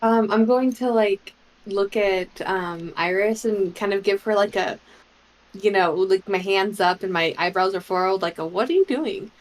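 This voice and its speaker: A woman's voice: medium pitch, steady tone, unhurried, rough recording. A woman playing a tabletop game, rambling with many fillers as she describes her moves. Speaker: player. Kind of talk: casual tabletop play.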